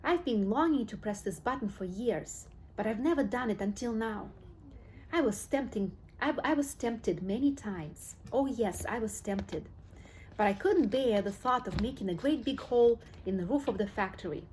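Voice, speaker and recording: A woman's voice: a little high, animated, moderate pace, darkish tone, a little hiss or hum, lightly acted. A woman voicing an eccentric, cheerful male chocolate-maker, gushing and theatrical, in an audiobook reading. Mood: excited.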